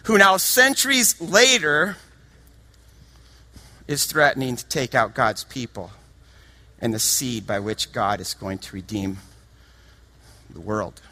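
A man preaching a sermon with passion, dropping to a hush and then rising to shouts. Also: medium pitch, animated, slow pace, pauses often. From United States. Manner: impassioned, swings from hushed to shouting.

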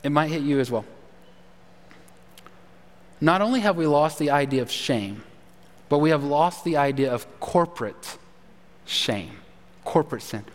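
A man's voice: a little high, animated, a little slow, long pauses, in a large hall. A man preaching a sermon with emphasis, asking his congregation questions. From Texas. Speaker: pastor.

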